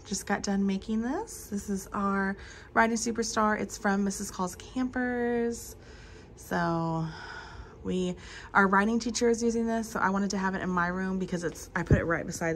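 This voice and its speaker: A woman's voice: medium pitch, slight background noise. A woman, a schoolteacher chatting casually through a vlog in her classroom, rambling with fillers. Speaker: elementary school teacher.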